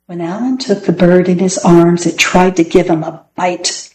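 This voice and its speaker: A woman's voice: fairly low pitch, steady tone, moderate pace, hardly any pauses, mellow. A woman reading picture books aloud as a storyteller, narrating expressively. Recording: roomy echo.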